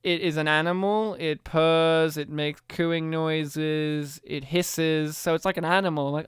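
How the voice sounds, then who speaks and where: A podcast co-host in casual film-review chat, lively and laughing, acting out scenes while retelling them. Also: medium pitch, unhurried, hardly any pauses, clean tone, no echo, studio quality. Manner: animated, laughing, acts out scenes.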